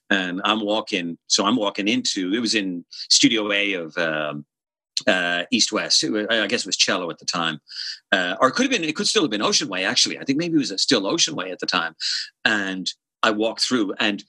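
A man in his fifties, a session bassist guest telling animated, profane stories in a casual interview. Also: a little fast, no echo, rough recording. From Ireland. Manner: animated, profane, hums bass lines.

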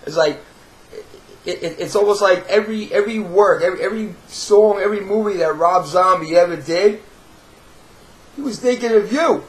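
High-voiced New York guy, swearing and sarcastic, rambling vlog rant. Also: normal speed, poor audio. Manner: profane, sarcastic, rambling with repeated restarts. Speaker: video blogger. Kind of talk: ranting to camera.

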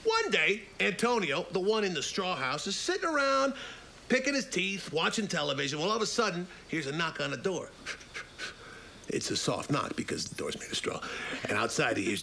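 A middle-aged man, telling a children's story as an animated wise-guy and using mob slang. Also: high-pitched, fairly quick, vocal fry, slight background noise. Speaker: mobster character telling a bedtime story. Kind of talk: comedic sketch storytelling.

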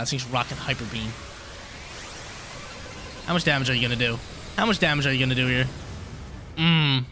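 Fast-talking man commentating his own game. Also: mid-range voice. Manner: excitable, repeats himself, slangy. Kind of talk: casual play-by-play of an online battle.

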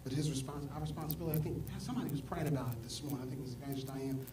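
A male pastor preaching a sermon, swinging from soft asides to loud exclamations. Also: mid-range voice, fairly even intonation, racing, far from the mic. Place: church sanctuary. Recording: echoey church hall, mic from afar, congregation audible. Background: congregation.

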